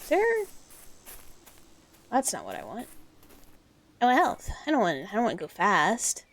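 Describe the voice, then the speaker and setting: This woman speaks in a mid-range voice with vocal fry, taking her time. She rambles through casual commentary while streaming a horror game, using lots of fillers, getting excited, and swearing freely.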